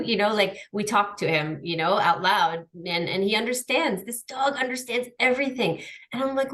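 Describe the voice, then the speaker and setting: A woman in casual podcast chat who acts out lively little scenes with her pets, talking over a video call. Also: mid-range voice, moderate pace. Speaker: podcast guest.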